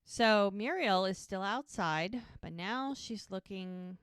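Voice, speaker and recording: A woman's voice: medium pitch, expressive, takes it slowly, a bit bright, smooth, no room sound, studio quality. A woman co-hosting a podcast, casually recapping a TV episode and retelling scenes through quoted dialogue. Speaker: podcast co-host.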